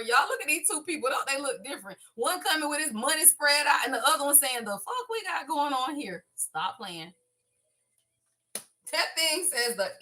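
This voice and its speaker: Woman, tarot reader, high lively voice, profane, hype energy. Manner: excitable, profane, laughs and exclaims often; talks straight to viewers as y'all. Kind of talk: casual tarot reading to camera.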